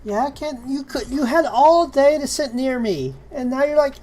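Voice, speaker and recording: A woman's voice: high voice, lively intonation, mellow. A woman streaming casually as she works, talking herself through steps and chatting to her cat. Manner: slow, self-talking, talks fondly and exasperatedly to her cat. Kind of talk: casual live-stream chat while 3D modeling.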